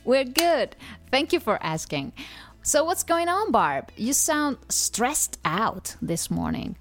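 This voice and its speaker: A woman's voice: high-pitched, very animated, slow pace. A woman hosting a podcast, reading a scripted English-lesson dialogue in a cheerful, teasing way and laughing often. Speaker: podcast host.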